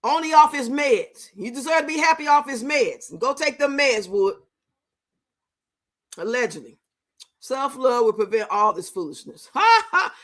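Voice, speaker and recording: A young woman hosting a live stream, chatting loudly and profanely, teasing and laughing as she reads out viewers' comments. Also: a little high, expressive, moderate pace. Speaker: livestream host. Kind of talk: casual live-stream chat reacting to a reality show.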